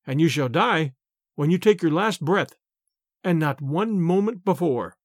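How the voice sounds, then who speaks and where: A cheerful, quick-witted shepherd speaks with hearty confidence, his voice bright and lively, as a male reader puts him on. Close, dry sound. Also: on the high side, no echo. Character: cheerful clever humble shepherd.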